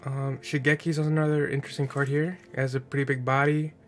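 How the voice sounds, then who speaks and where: A man's voice: medium pitch, flat delivery, fast, soft background music. A man casually thinking aloud as he builds a card game deck, sounding a little nasal from allergies and often checking in with "right?". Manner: chatty, thinking aloud, frequent fillers and rhetorical "right?". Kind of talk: casual gameplay commentary.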